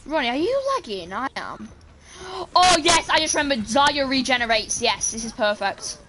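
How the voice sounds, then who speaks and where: A woman chatters through a casual gaming session, excitable and quick to call out to her teammates. Her voice sits a little high, with a faint hiss of noise under it. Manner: chatty, excitable, talks to teammates while playing. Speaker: gaming channel host. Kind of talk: casual gameplay commentary.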